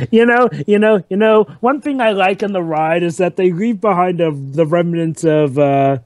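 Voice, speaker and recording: A man's voice: high voice, normal speed, no echo. A man chatting jokily in a casual group movie commentary, often repeating himself. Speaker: commentary co-host.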